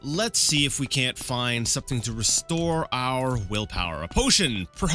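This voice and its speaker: Bright-voiced man rambling through gameplay. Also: mid-range voice, very animated, moderate pace, soft background music. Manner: rambling and self-correcting, with frequent fillers and restarts. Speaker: let's play gameplay commentator. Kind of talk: casual live gameplay commentary.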